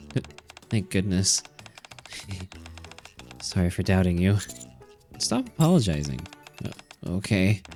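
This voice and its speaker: Frantic, clingy young woman in a story game, read by a man, low-pitched, stammering apologies. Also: a little mellow. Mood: relieved. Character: anxious young woman desperate for approval.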